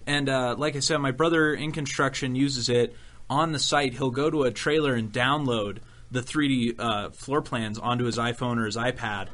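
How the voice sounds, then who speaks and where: A man's voice: medium pitch, moderate pace, a bit bright. A man on a radio show promoting a gaming convention he does PR for, talking in a rambling, joking way full of "uh"s. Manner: rambling, filler-heavy, joking. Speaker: convention PR guest. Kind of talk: casual radio chat. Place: radio studio.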